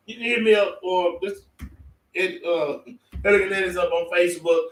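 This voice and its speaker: A man hosting a casual online chat, loose and halting. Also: high-pitched, sharp tone, far from the mic. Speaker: host. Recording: echoey, off-mic.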